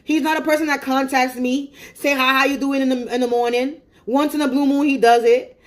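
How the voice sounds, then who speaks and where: A woman's voice: high voice, fairly even intonation, a little fast. A woman on a phone livestream, venting angrily in a profane, repetitive rant. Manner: angry, profane and repetitive ranting.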